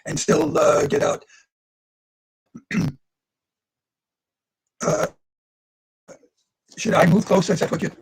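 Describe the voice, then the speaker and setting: A man's voice: high voice, creaky, husky, low-quality recording. A man in his eighties, a survivor giving an earnest livestreamed talk to students over a video call and speaking straight to his listeners. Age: 80s. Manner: earnest, addresses listeners directly.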